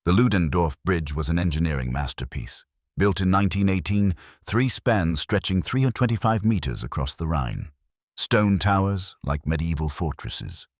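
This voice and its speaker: Grave male storyteller, extremely low voice, dry close recording. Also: expressive, normal speed, no room sound. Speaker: narrator. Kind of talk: scripted narration.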